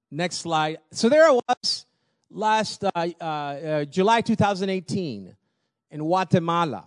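A man preaching a sermon, telling personal stories in a lively way, laughing often and repeating words as he goes. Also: fairly high pitch, no room sound, studio quality. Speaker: pastor.

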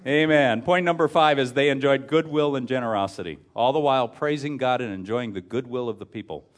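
A middle-aged man, a pastor, preaching a sermon with personal stories and dry self-deprecating humor, dropping from loud points to hushed tender moments. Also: mid-range voice, a little fast.

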